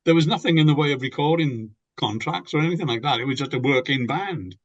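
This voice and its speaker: An older British man looks back on his band days in a relaxed interview. He rambles and repeats words as he gets going. His voice sits a little high, and the recording sounds muffled. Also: quick pace. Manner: rambling, repeats words when starting sentences. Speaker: interviewee, former band member. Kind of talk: reminiscing interview.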